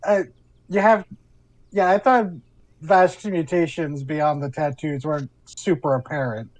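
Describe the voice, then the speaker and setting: A man's voice: on the high side, steady tone, unhurried, a little mellow, low-quality recording. A man playing a tabletop game, thinking aloud and planning with many fillers. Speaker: player.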